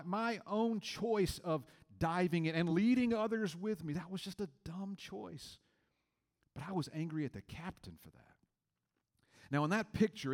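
A middle-aged man from Georgia preaches in a loose, conversational storytelling way. His voice sits a little higher than most men's, and he voices the other people in his story himself. At key points he drops low and quiet to drive home a point. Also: big-room sound. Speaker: pastor. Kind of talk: sermon with personal story.

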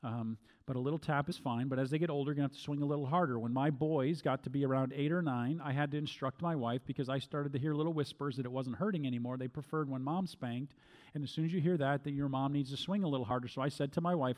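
A middle-aged man delivers instructional Bible teaching at a moderate, ordinary pitch. He talks deliberately and circles back to repeat key phrases for emphasis. His voice rings out with long reverb, as if spoken in a large hall. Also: a little mellow.

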